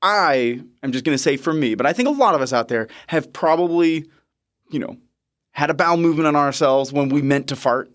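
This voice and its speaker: A man in his thirties, a podcast host and nurse, telling a story in a lively, chuckling way. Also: a little high, fairly quick. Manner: lively, chuckling, animated retelling. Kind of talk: casual storytelling.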